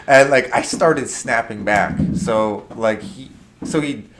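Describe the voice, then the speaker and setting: A man's voice: medium pitch, slow, noisy background. A young man co-hosting a casual talk show, telling a long work story in a rambling way with many fillers and acted-out quotes. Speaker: podcast co-host.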